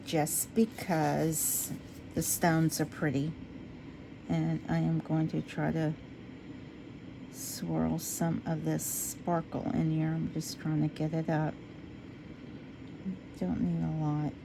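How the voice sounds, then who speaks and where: A woman chatting casually to her viewers as she works on a craft project. She talks to herself while she works and drifts into low, quiet talk when she concentrates. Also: monotone, slow pace, gravelly, long pauses, background noise. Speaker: resin craft vlogger.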